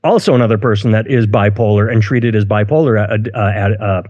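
Fairly low and a little mellow, this podcast co-host's voice moves a bit fast as he rambles through a casual chat, outspoken and constantly restarting his words. The audio is dull, with a long room reverb.

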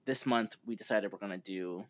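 Casual podcast co-host, man, lowish voice, rambling easygoing delivery. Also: fairly quick. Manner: rambling, laid-back, with frequent fillers. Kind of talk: casual chat.

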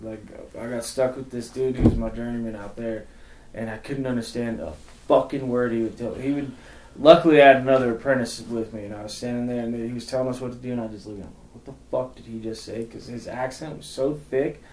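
A man's voice: mid-range voice, fairly even intonation, quick pace, roomy sound, a little hiss or hum, rough recording. Blunt, swearing man from New York. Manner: blunt storyteller, heavy swearing, trails off quietly. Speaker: podcast co-host. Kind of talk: casual chat.

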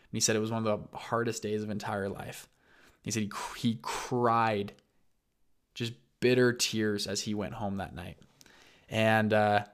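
A man hosting a show, casually retelling stories and acting out the quoted lines. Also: mid-range voice. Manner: animated, acts out quoted lines, frequent restarts. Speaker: show host. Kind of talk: casual storytelling talk.

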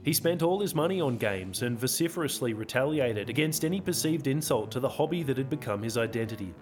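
A man reading his own audio novel as narrator, in a dry, measured storytelling voice. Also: medium pitch, animated, darkish tone, faint music behind. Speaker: author and narrator.

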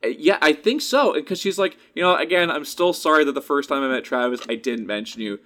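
A man's voice: a little high, a little fast, a little hiss or hum. A young man co-hosting a casual podcast, telling stories with lots of swearing and acted-out quotes. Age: young adult. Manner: animated storyteller, swears freely, acts out quotes. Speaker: podcast co-host.

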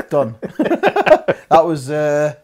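Male co-host, mellow, jokey, lively pitch. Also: drawn-out words. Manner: chirpy, jokey, laughs easily. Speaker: co-host of a film countdown show. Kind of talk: casual countdown banter.

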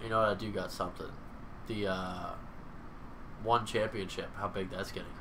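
A man in casual, excitable banter who keeps saying "dude". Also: low-pitched, moderate pace. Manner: excitable, says "dude" a lot. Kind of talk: casual banter about martial arts movies. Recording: distant mic with background noise.

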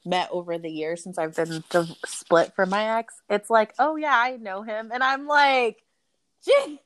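A woman's voice: medium pitch, steady tone, moderate pace, no echo. A woman in her thirties co-hosting a podcast, making blunt, wry remarks and laughing often. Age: 30s. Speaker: podcast co-host. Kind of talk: candid casual chat.

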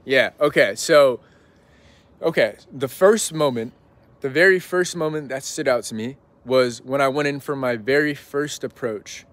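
A man's voice: medium pitch, measured pace, fairly bright tone. A young man telling a story as a podcast guest in a casual, rambling way, full of "like" and "right?". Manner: rambling, heavy use of "like" and "right?".

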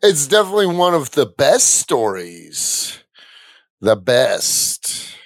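A man guesting on a casual podcast, loud and boisterous in his talk. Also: medium pitch, sing-song, takes it slowly, no echo, clean studio sound. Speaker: guest, comedian. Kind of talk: casual chat.

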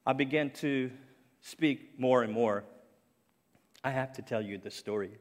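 A man's voice: mid-range voice, measured pace. A middle-aged man from Cape Breton Island preaching an earnest, personal sermon, his speech faintly French-sounding after a stroke, with some restarts. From Cape Breton Island, Canada. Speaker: ministry speaker. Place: church sanctuary. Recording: long reverb of a large church.

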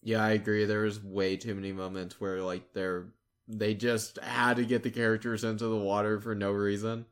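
A man's voice: lowish voice, little pitch movement, moderate pace. Easygoing young man chatting. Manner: easygoing, agrees readily, retells funny scenes. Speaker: podcast co-host. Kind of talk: casual movie chat.

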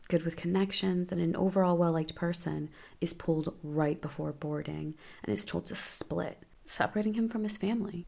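A woman's voice: fairly low pitch, gravelly, mellow. A woman casually recapping film plots, chatty and offhand, with asides and self-corrections.

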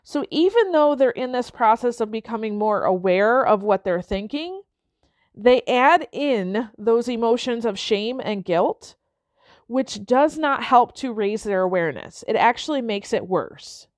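A woman's voice: a little high, expressive, a little slow, no room sound. Woman coach, dry close sound, checking in often. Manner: frequent checking-in tags like okay and right. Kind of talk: motivational talk to an audience.

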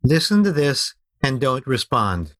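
A man who is a guest on a podcast, explaining storytelling in an animated way and slowing down to stress his points. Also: medium pitch, a little hiss or hum. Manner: animated explaining, slows down for emphasis. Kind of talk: conversational podcast interview.

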